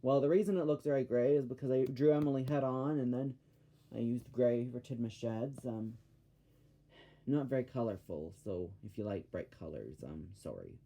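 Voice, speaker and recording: Guy doing a casual show review, rambly and ranty, keeps correcting himself, warm low-key tone. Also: expressive, normal speed. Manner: rambling, ranting, self-correcting.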